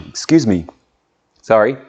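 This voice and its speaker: A man's voice: lowish voice, animated, slow. A man teaching an online English pronunciation lesson, patiently drawing out sounds and leading drills. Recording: muffled lo-fi audio.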